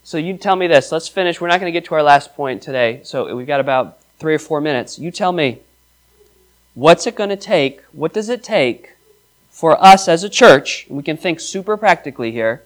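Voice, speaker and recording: Emphatic preacher, man, slightly high voice. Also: expressive, moderate pace. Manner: emphatic preaching, reads scripture aloud, asks congregation questions. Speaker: pastor. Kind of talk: sermon.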